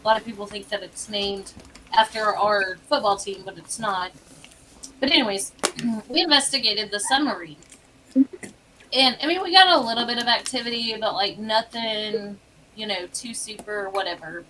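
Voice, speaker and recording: A woman's voice: medium pitch, normal speed, bright, forceful tone, a little hiss or hum, poor audio. A woman host in casual interview chat, chatty and now and then losing her train of thought. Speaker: podcast host.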